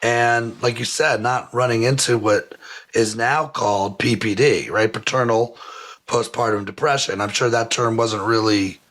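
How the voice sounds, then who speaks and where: A man's voice: medium pitch, fairly even intonation, measured pace, fairly bright tone. A man hosting a podcast interview, conversational and thinking aloud with restarts. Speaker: podcast host.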